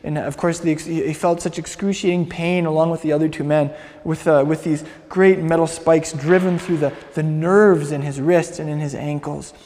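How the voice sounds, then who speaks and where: A man's voice: on the high side, steady tone, normal speed, darkish tone. A man preaching, retelling a story earnestly with many restarts and repeated words. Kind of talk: sermon storytelling. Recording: long hall reverb.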